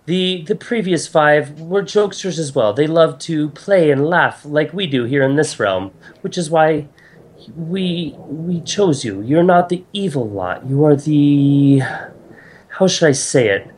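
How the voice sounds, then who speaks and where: A man's voice: a little high, expressive, unhurried, a little hiss or hum, voice pushed up. A man voicing a towering silver-haired elven goddess, gracious and solemn, who talks earnestly and often stumbles over her words. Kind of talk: game master voicing a character.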